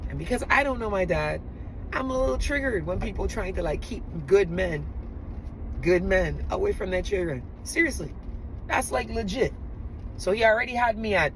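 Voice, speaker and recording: A middle-aged woman from the Virgin Islands with a Virgin Islands accent, telling her own story in a chatty, animated way and often speaking straight to her listeners. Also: mid-range voice, background noise. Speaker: storyteller host. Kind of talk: personal storytelling to an audience.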